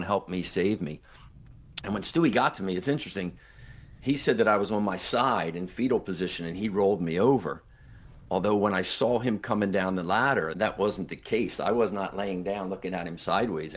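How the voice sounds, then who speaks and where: This older man, a near-death survivor and author appearing as a podcast interview guest, tells his story in a very deep, low voice. Sincere and reflective, he leans into the lines of dialogue he recalls, quoting them emphatically.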